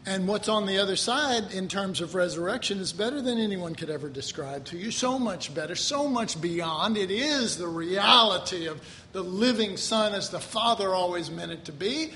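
A man preaching a sermon, animated, acting out quoted voices with sudden exclamations and chuckling often as he talks. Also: high voice, normal speed, hardly any pauses, slight background noise. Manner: chuckles often while talking.

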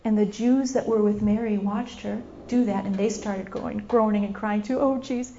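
A woman's voice: mid-range voice, fairly even intonation, moderate pace, creaky, dark tone, a little hiss or hum. A woman preacher giving an impassioned sermon, repeating her phrases and acting out scenes as she goes. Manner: impassioned, repetitive, acts out scenes. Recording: dull lo-fi recording.

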